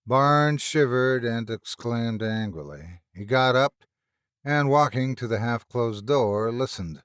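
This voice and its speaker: A man narrating a classic horror story in an expressive, dramatic storytelling manner. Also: medium pitch, slow pace, smooth, no room sound, clean studio sound.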